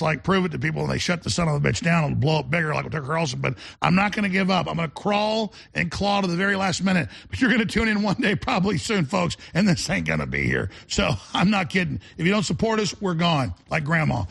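Very gravelly, high-pitched talk host. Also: male voice, lively intonation, fast talker, few pauses, fairly bright tone. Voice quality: gravelly, husky. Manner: urgent, emphatic pitching. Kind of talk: talk radio broadcast.

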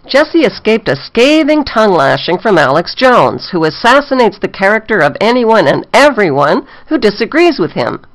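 A sardonic narrator reading a scripted documentary voice-over in a mocking tone, with a lively, shifting delivery. The sound is dry and close, with no room around it. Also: medium pitch, normal speed, hardly any pauses, no room sound, poor audio.

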